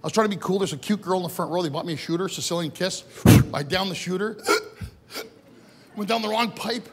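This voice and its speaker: A middle-aged man from Greece doing loud, animated stand-up comedy on a club stage, shouting his punchlines. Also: sits high, fast talker, slightly rough. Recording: live club recording with crowd noise. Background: live audience laughter.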